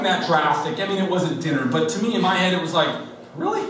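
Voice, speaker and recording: High-voiced man preaching in an echoey hall. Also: quick pace, a crowd in the background. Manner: animated storytelling, acting out both sides of a marital argument. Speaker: pastor. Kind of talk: sermon. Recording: distant mic in an echoey hall with noise.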